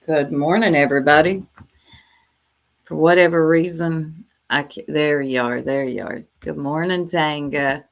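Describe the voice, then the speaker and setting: A woman's voice: low-pitched, a little slow. A woman hosting a casual live stream from home, chatting and greeting her viewers by name as she comments. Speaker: livestream host.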